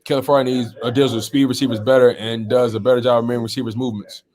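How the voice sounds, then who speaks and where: A man's voice: mid-range voice, little pitch movement, racing, darkish tone. A man hosting a casual sports talk live stream, reading viewer comments aloud and reacting to them.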